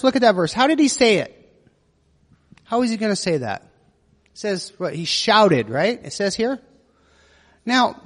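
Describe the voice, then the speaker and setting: High-voiced man preaching in a big hall. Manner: conversational teaching with frequent asides and rhetorical questions. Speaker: pastor. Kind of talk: sermon.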